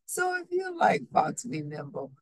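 A woman reading a children's storybook aloud in a lively, expressive way, then speaking to her audience. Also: mid-range voice, gravelly, dry recording, poor audio. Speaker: storybook reader.

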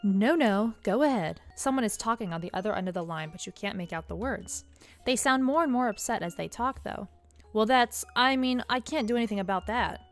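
A woman's voice: mid-range voice, lively intonation, fairly quick, soft background music, natural voice. A woman voicing a weary young man on a tense phone call, hesitant and stumbling over his words. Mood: strained. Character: weary young man, polite but strained.

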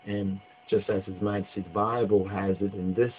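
A man's voice: lowish voice, level tone. A man giving an informal religious studies lesson, rambling and restarting as he goes, recorded indoors. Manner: rambling, repeats phrases, halting with many restarts. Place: indoors on the East Coast of America. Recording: tinny phone-like audio with faint hum.

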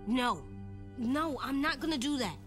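A troubled young boy from a video game, voiced by a woman, speaking softly and haltingly. His talk is childlike and earnest, with a mid-range pitch. Game music plays clearly underneath. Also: close to an everyday voice. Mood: pleading upset.

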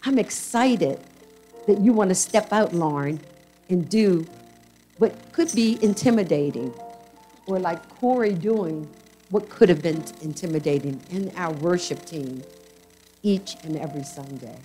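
A woman's voice: lowish voice, animated, a little slow, warm tone, faint music behind, poor audio. Fervent woman leading church prayer.

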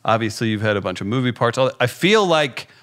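A man's voice: mid-range voice, sing-song, fast, a bit bright. A man hosting a radio show, teasing and upbeat as he interviews a comedian. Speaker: radio host. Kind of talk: casual radio chat.

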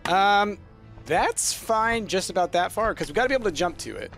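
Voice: medium pitch, lively intonation, moderate pace, fairly bright tone, soft background music. A gamer guiding a friend through a co-op game, encouraging and laughing often. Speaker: gamer, guide. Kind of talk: casual co-op gameplay chat.

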